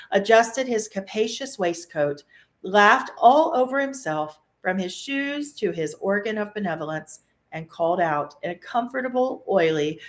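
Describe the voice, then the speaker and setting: A woman reading a classic novel aloud with expressive, animated storytelling, in a room of an old mansion. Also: mid-range voice. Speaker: reader. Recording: echoey room.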